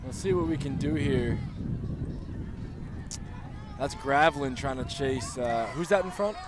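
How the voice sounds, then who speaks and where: A man's voice: medium pitch, a little slow. A man with a mid-range voice trades stubborn, teasing jokes while helping run a track meet livestream. Heavy outdoor noise fills the recording behind him. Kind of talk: casual banter.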